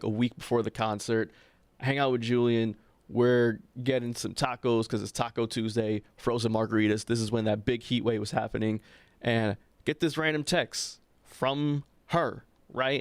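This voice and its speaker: A young man spins a casual story for his podcast co-host, animated and chatty, tossing in quick "right?" asides. His voice sits at an everyday middle pitch. The sound is close and dry, with no room around it. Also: no room sound.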